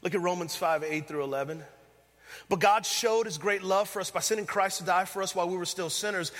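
A male pastor preaching a sermon, talking straight to the congregation and swinging between loud emphatic passages and hushed, tender ones. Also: fairly high pitch, brisk, in a large hall. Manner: addresses the congregation directly.

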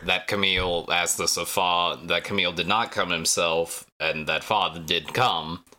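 A man's voice: low voice, steady tone, a little slow, pushed and bright. A man co-hosting a casual show recap, blunt and sarcastic, swearing casually. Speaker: podcast co-host recapping an anime. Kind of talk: casual chat.

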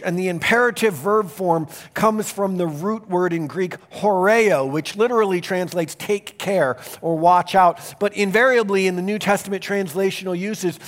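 A male pastor preaching a sermon, his voice sitting a little higher than most men's. He delivers it earnestly and emphatically, pressing some phrases quickly and drawing others out slowly. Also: fairly bright tone.

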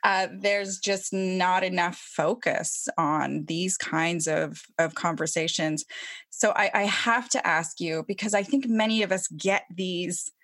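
A woman's voice: fairly low pitch, slow pace, no room sound, studio quality. A woman hosting a podcast, speaking in a reflective, thoughtful way. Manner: warm, reflective, thoughtful phrasing. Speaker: podcast host. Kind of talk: casual interview conversation.

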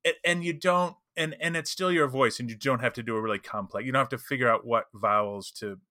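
A man co-hosting a tabletop gaming podcast, explaining tips in an animated way and checking in with "right?". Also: mid-range voice, brisk, no room sound, studio quality. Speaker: podcast co-host, game master. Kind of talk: casual chat.

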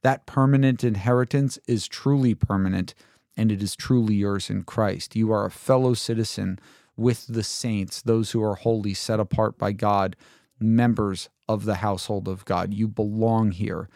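A man teaching through a Bible passage in a relaxed, conversational way, reading verses aloud and asking rhetorical questions. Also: fairly low pitch, normal speed, dry recording, clean studio sound. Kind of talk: informal Bible commentary.

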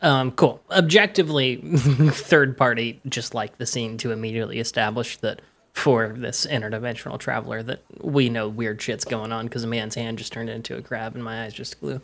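A man's voice: medium pitch, fairly even intonation, moderate pace, vocal fry, fairly bright tone. Offhand man chatting as a player. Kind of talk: casual chat at a game table.

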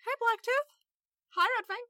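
Woman as chatty, teasing party host; bright, dry. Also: on the high side, lively intonation, moderate pace, no echo. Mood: upbeat.

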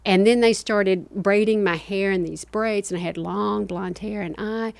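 A woman's voice: medium pitch, unhurried, gravelly, dry recording. An older woman from South Carolina, telling life stories as an interview guest and acting out the voices of people in them. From South Carolina, USA. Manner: animated storyteller, acts out quoted voices. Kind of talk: interview storytelling.

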